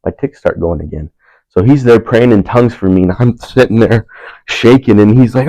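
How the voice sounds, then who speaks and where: Young man, very low voice, dry close sound, relaxed storyteller who laughs often. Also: moderate pace, no echo, low-quality recording. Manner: relaxed, laughing, animated when quoting others. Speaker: panel speaker. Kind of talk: casual storytelling in a discussion.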